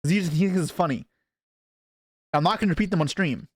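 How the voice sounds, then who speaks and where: A man's voice: high-pitched, fast talker, dry recording, clean studio sound. A young man from Canada chatting casually on a live stream, rambling and self-deprecating as he reacts to chat.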